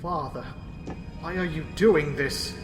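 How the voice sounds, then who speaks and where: A man's voice: fairly high pitch, slow pace, faint music behind. A man playing a sarcastic, theatrical male sorcerer, son of an emperor, in a comedy animation. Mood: sneering. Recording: roomy with long reverb.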